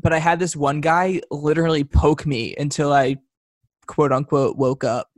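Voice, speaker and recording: A man's voice: on the high side, steady tone, normal speed, no room sound, studio quality. A young man chatting casually, teasing his friends and laughing often. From Long Island. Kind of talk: casual chat.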